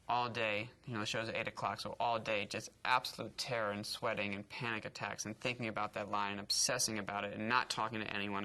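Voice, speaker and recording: A man's voice: fairly low pitch, sharp tone. A man in his thirties, an actor, telling his own story in a candid, reflective way, with stutter blocks and repeated sounds. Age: 30s. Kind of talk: personal interview testimony.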